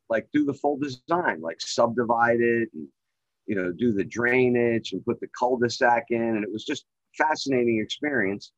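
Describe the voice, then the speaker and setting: A middle-aged man telling his story as a guest on a call, rambling and full of filler phrases, getting louder and more excited at the high points. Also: dry recording, lo-fi sound. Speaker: guest, real estate developer. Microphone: remote call microphone.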